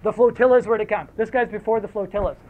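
A man's voice: sits high, fairly even intonation, fast, phone-quality sound. A man telling a story casually, rambling and swearing, with lots of fillers, then reading aloud.

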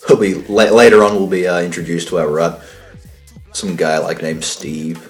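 A man's voice: low voice, moderate pace, faint music behind. A young man from Australia co-hosting a podcast in casual, rambling chat, often laughing and joking crudely. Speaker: podcast co-host.

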